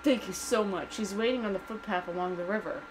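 A woman's voice: mid-range voice, a little fast, noisy background, natural voice. A woman voicing a meek, injured young male errand boy who speaks politely and gratefully.

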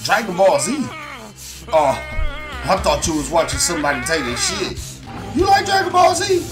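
A shouting, hot-tempered cartoon loudmouth, as a man puts him on who scolds in a high, lively voice full of swings. Music plays clearly behind him. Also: moderate pace. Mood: scolding. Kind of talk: comedic cartoon voice acting. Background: background music.

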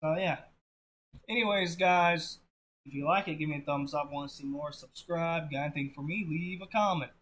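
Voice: medium pitch, normal speed, a bit bright, low-quality recording. A storyteller giving an unpolished, crude, offhand telling of a joke story in a casual spoken way.

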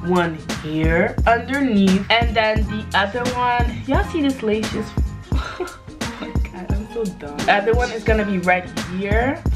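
A woman's voice: medium pitch, animated, unhurried, over loud music. A young woman vlogging at home, chatty and nervous, giggling and swearing freely as she talks to her viewers. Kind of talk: casual vlog chat to camera. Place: room at home.

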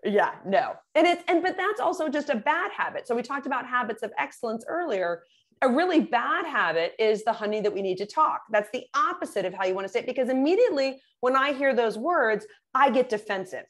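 A middle-aged woman speaking as a guest in an interview, telling stories and acting out the voices of the people in them. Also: a little fast. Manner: lively, acts out quoted voices with big pitch jumps. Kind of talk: animated storytelling in an interview.

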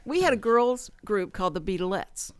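A woman's voice: medium pitch, normal speed, clean tone. A woman in her sixties co-hosting a community radio show, telling nostalgic stories in a casual, chatty way full of fillers. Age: 60s. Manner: animated, nostalgic storyteller with many fillers. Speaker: radio co-host. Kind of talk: casual radio chat, storytelling.

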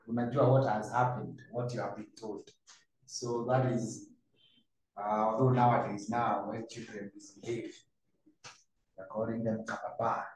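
A man's voice: mid-range voice, a little mellow. A man with a Kenyan accent teaching a revision lesson to a class, asking students questions and mixing in Swahili phrases. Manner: conversational, quizzes students, mixes in Swahili phrases. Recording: echoey room, far from mic, faint noise.

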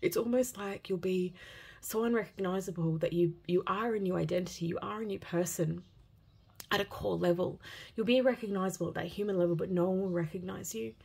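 A woman giving an intuitive tarot reading for viewers, speaking in an earnest, gentle and heartfelt way and often repeating phrases. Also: fairly low pitch, fairly quick, creaky, husky. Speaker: tarot reader.

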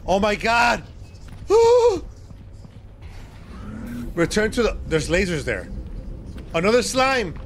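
A man streaming a horror game live, talking to his co-player and yelping and shouting in panic. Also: high voice, normal speed, a little hiss or hum. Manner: excitable, yelps and shouts in panic. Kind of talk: live gameplay commentary.

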